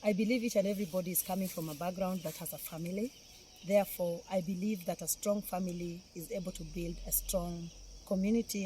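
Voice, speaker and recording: A woman's voice: lowish voice, fairly even intonation, fairly quick, mellow, slight background noise. A middle-aged woman with a Kenyan accent gives a heartfelt, emotional appeal, repeating phrases for emphasis. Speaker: philanthropist speaking on camera.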